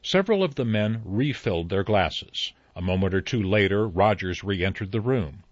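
A man narrating an audiobook in an even, unhurried storytelling manner. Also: fairly low pitch, no echo. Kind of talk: scripted narration. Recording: slightly dull dry recording.

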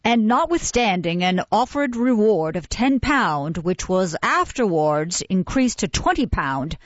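Woman reading as a pompous beadle, slow and oratorical, self-important, dull dry sound. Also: medium pitch, very animated, no echo. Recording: dull, muffled, dry recording.

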